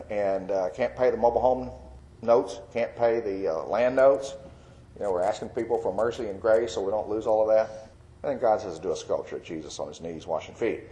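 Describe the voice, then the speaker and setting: A man, a Christian artist, offers an earnest, rambling personal testimony full of fillers and soft laughs. His voice is on the low side, and the recording quality is poor.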